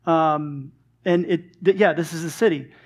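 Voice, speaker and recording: High-voiced pastor in his forties. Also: a little slow. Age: 40s. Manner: animated, acts out dialogue, frequent restarts. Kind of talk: sermon storytelling.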